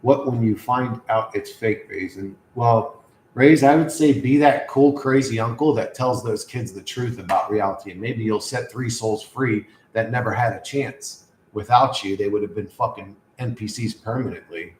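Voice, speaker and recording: A man's voice: on the low side, moderate pace, darkish tone, reverberant, low-quality recording. A man hosting a casual livestream, reading chat and answering in a crude, sardonic, rambling way.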